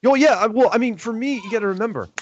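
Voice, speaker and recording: A man's voice: extremely high pitch, racing, slight background noise. Man telling a story, many restarts. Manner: animated storytelling, quoting others, many restarts. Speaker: podcast host. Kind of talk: casual chat. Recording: dull lo-fi audio.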